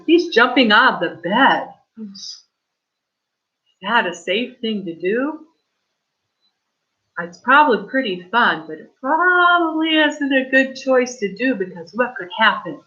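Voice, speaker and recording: Slow, bright-voiced kindergarten teacher woman. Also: medium pitch. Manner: slow, exaggerated reading aloud with prompting questions. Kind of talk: remote reading lesson for young children. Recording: dull lo-fi online class audio.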